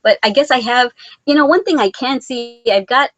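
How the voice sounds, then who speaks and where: A woman's voice: sits high, normal speed, no echo, highs cut off. A woman of Mexican origin hosting a casual live vlog, reading out viewer comments in a rambling, sentimental, self-deprecating way. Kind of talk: casual live-stream chat.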